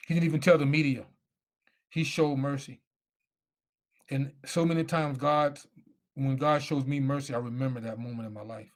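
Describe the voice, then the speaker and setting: A man's voice: on the high side, steady tone, normal speed. A middle-aged man, a former football player, telling his life story as a guest speaker, emphatic and repeating himself. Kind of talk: personal storytelling.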